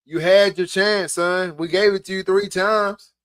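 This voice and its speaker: Male co-host, high voice, blunt joking sports banter. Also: steady tone, measured pace, fairly bright tone, clear, resonant tone. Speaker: podcast co-host. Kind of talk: casual sports talk.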